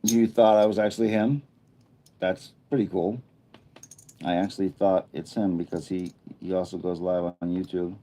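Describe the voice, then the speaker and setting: A man with a low voice and a dark, mellow tone hosts a casual live stream. He chats loosely and thinks out loud as he reads and answers his viewers' comments. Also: fairly even intonation, moderate pace. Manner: chatty, thinking aloud while reading viewer chat. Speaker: livestreamer. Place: indoor room under a bright studio light.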